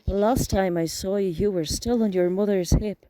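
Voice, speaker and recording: A man's voice: sits high, steady tone, moderate pace, dark tone, clean tone, no echo, pitched above the performer's own voice, natural voice. A man voicing an effusive Irish aunt. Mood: delighted. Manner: effusive, tender. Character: warm elegant Irish aunt, woman.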